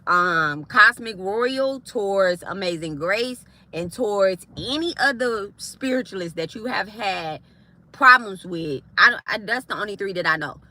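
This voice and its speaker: A woman's voice: medium pitch, bright, forceful tone. A woman spiritualist ranting to her viewers on a livestream, heated, confrontational and profane. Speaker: spiritualist live streamer.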